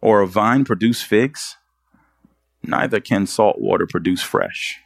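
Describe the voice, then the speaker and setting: A man's voice: lowish voice, unhurried, creaky, no room sound. A man preaching a sermon as pastor, pressing the congregation with earnest rhetorical questions.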